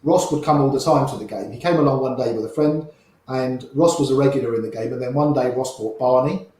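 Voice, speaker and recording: A man's voice: mid-range voice, quick pace, a little mellow. Chatty older man telling stories, echoey room. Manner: chatty, acts out quoted voices in his tales. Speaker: guest storyteller. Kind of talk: casual anecdote telling.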